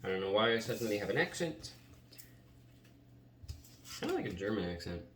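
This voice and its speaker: A man's voice: fairly low pitch, sing-song, brisk. A man giving a casual tarot reading in a chatty, rambling way, often saying "like.". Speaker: tarot reader. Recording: roomy, distant mic, faint noise.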